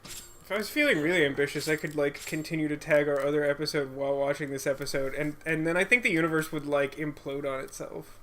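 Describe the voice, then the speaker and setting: A man's voice: a little high, fairly even intonation, fast, a bit bright, slight background noise. A man co-hosting a let's play, giving casual gameplay commentary in a rambling, playful, self-mocking way.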